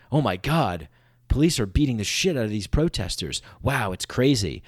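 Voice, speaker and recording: A man hosting a podcast, delivering a sarcastic satirical monologue in rapid-fire mock voices. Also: mid-range voice, sing-song, dry recording, clean studio sound. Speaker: podcast host.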